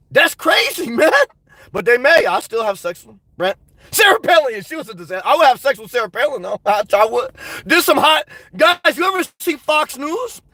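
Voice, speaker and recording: A man's voice: extremely high pitch, bright, forceful tone, no room sound. A man hosting a live stream, rambling and joking crudely as he reads out viewers' comments and laughs often. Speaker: livestream host.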